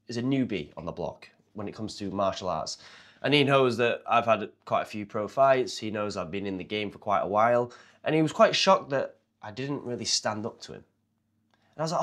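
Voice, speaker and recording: A man's voice: mid-range voice, a bit bright. A young man with a fighter's background, retelling a story casually and animatedly, acting out the people in it. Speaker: martial arts fighter and confidence coach.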